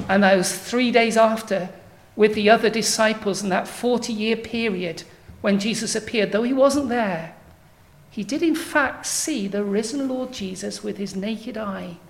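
A woman preaching a sermon in a measured, emphatic way, building to strong declarations. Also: medium pitch, vocal fry, slight background noise.

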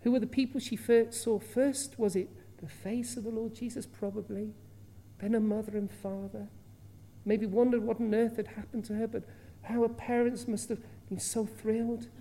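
A woman's voice: a little high, flat delivery, normal speed, warm tone. A woman preaching an earnest Bible sermon, asking rhetorical questions and acting out the quoted voices with feeling. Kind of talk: expository sermon.

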